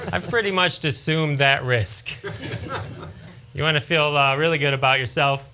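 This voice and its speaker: A man's voice: a little high, moderate pace, long pauses, sharp tone, a little hiss or hum. A man in his forties doing a stand-up comedy routine with punchy joke delivery.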